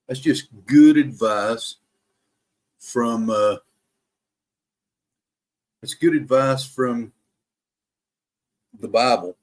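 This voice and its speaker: Slow, deliberate man reading scripture. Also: mid-range voice, a little mellow. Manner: slow, deliberate reading, careful to pronounce every word. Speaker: host of a daily Bible reading live stream. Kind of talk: reading scripture aloud and chatting with viewers.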